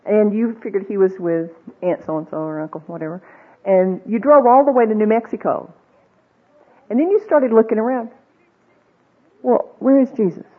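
A woman teaches a women's group in a relaxed, conversational way, asking her listeners question after question. Her voice is husky and a little breathy. The recording is thin and tinny, as if heard over a phone line. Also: medium pitch. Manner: conversational, asks the audience many questions; acts out quoted voices, with fillers and restarts. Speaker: Bible teacher.

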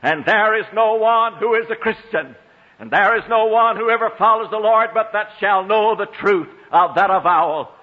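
High-voiced preacher man in a dull echoing hall. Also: normal speed. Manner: dramatic swings between low murmurs and high ringing exclamations; old-fashioned scriptural diction, drawing out key phrases. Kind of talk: sermon. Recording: long hall reverb, dull lo-fi sound.

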